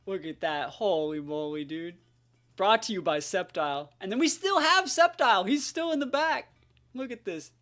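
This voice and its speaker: A man's voice: sits high, animated, normal speed, a bit bright. A man giving live commentary on his own competitive game matches, hyped and full of slangy trash talk.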